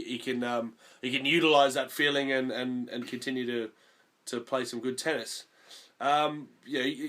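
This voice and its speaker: A man's voice: mid-range voice, a bit bright. A man co-hosting a casual sports podcast, chatting with teasing banter. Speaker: podcast co-host.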